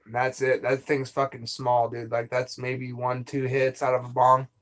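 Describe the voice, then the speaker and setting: A man's voice: medium pitch, completely flat delivery, unhurried. A young man streaming live, chatting casually and venting with lots of swearing and rambling asides.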